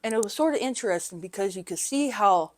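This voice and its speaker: A middle-aged woman, a guest on a recovery podcast, telling her story candidly and haltingly, often tagging "right?" and "you know". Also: mid-range voice, animated.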